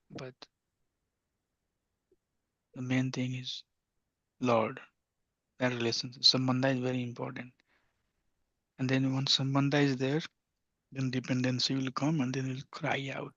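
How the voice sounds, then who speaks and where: A man teaching a devotional scripture class, earnest, often sinking to a hushed near-whisper. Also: mid-range voice, flat delivery, normal speed, long pauses, no room sound. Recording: dull lo-fi, dry sound.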